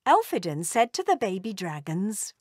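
A woman narrating a children's storybook in a slow, expressive read-aloud manner. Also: medium pitch, slightly rough, no echo, studio quality.

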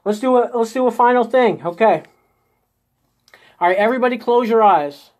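A man's voice: extremely high pitch, lively intonation, moderate pace, a little mellow. A man hosting a live-streamed spiritual coaching session, guiding viewers step by step through an inner exercise and checking in with them constantly. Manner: coaxing, checks in constantly with "okay?" and "right?". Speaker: host of a live group session.

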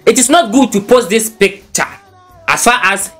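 A man's voice: high voice, normal speed, fairly bright tone, soft background music. Chatty Ghanaian man hosting a blog show. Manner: chatty, switches freely between languages. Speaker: news blog host. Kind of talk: casual commentary mixing English and Twi.

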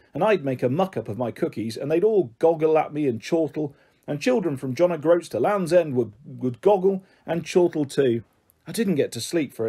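A man narrating a children's novel in the first person with calm, measured storytelling. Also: on the high side, breathy edge. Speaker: audiobook reader.

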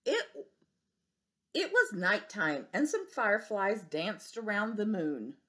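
A woman preschool teacher reading a picture book aloud to young children, gentle and expressive, asking them questions. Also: mid-range voice, takes it slowly.

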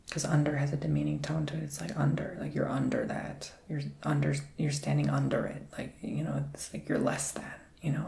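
Gravelly soft-whispering man, ASMR healer. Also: on the high side, roomy sound. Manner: soft, mostly whispered, meandering and reassuring. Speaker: ASMR Reiki healer and tarot reader. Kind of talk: ASMR healing session.

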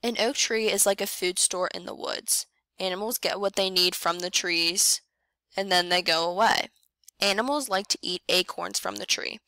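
Bright-voiced woman reading a picture book. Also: dry recording. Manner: reads slowly and clearly, voicing animal sounds with lively jumps in pitch. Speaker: first grade teacher reading aloud. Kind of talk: picture book read-aloud for children.

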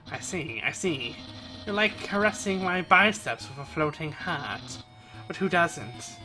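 A man's voice: fairly high pitch, animated, slow pace, pauses often, over music. A man giving casual gameplay commentary in a laid-back, joking way. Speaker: let's player.

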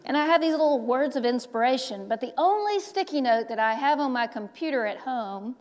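A woman pastor preaching a sermon, telling a story slowly with dramatic pauses. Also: sits high, animated. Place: large church sanctuary. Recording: long church hall reverb.

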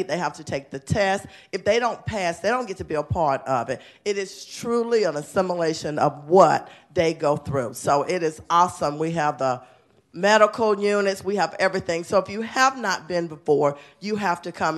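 A woman's voice: on the low side, expressive, normal speed. A woman school principal giving an enthusiastic, chatty award speech at a city council meeting. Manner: enthusiastic, chatty, laughing often.

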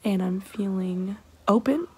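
A young woman in a personal vlog, talking softly and emotionally with many fillers. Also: medium pitch, unhurried, heavy background noise. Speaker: vlogger.

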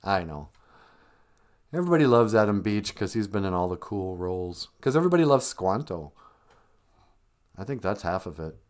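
A man's voice: lowish voice, sing-song, normal speed, long pauses, a little mellow. Playful guy chatting on his live stream, voice jumps all over, middle-aged. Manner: playful, joking asides. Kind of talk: casual joking chat.

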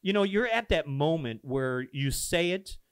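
A man, a pastor, telling a founding story in a casual podcast conversation, earnest and animated, acting out the dialogue. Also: a little high, unhurried, smooth, no echo. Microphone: podcast microphone.

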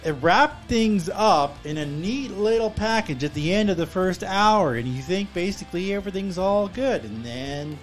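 A man's voice: high voice, expressive, normal speed, few pauses, faint music behind. A man reviewing a film on a podcast, laid-back and jokey in casual chat.

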